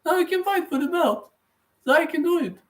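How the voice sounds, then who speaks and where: A man putting on a high, squeaky voice to mock a boastful male fighting champion who keeps repeating himself. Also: normal speed, fairly bright tone.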